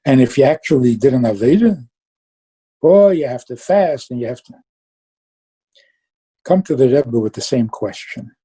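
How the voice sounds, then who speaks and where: Dark, husky-voiced man giving a Chassidic talk. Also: mid-range voice, moderate pace, pauses often, poor audio. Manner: lively storytelling, mixing Yiddish and Hebrew terms. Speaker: Chassidic teacher.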